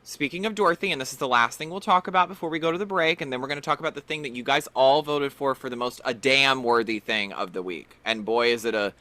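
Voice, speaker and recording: A man's voice: medium pitch, fast talker, hardly any pauses, pushed and bright, no echo. A man hosting a podcast, chatting playfully and animatedly about pop culture. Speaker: podcast host. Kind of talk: casual pop-culture chat.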